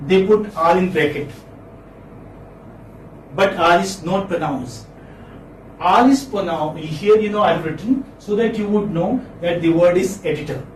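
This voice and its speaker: A man's voice: high-pitched, measured pace, long pauses. A man teaching English phonetics in a classroom lecture, saying words again and again and quizzing his students. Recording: echoey classroom, distant mic, faint noise.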